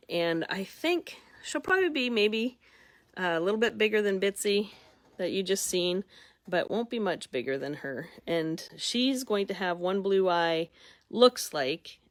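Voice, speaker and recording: A woman's voice: medium pitch, dry recording. A woman dog breeder chatting casually and fondly while showing off puppies. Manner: chatty and folksy, fond toward the puppies. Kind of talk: casual chat.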